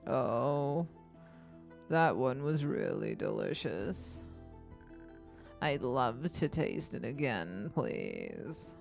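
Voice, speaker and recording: A woman voicing a shy, sad young fantasy woman who speaks softly and hesitantly. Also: sing-song, very slow, creaky, pauses often, soft background music, exaggerated voice. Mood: timid. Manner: soft, low, hesitant. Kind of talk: voicing game dialogue.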